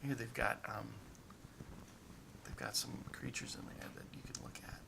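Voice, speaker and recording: A man voicing a sneaky male scout who hatches mischievous plans, talking in a hushed, conspiratorial whispered role-play. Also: medium pitch, steady tone, brisk, vocal fry, background noise.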